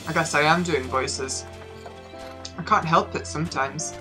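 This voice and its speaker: A woman's voice: low voice, a little slow, over music. A woman with a northern English accent chatting wryly and swearing casually while she streams a game live.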